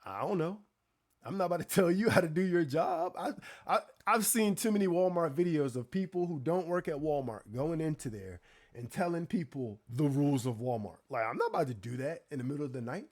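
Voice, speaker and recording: A man hosting a live stream, telling a story in casual chat with animated, exasperated rhetorical asides to his viewers. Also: on the high side, brisk. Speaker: livestream host.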